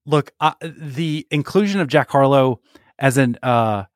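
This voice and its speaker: A man's voice: mid-range voice, measured pace, no room sound. A man co-hosting a podcast, chatting casually about sports and pop culture with a dry, jokey manner and plenty of filler words. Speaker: podcast co-host.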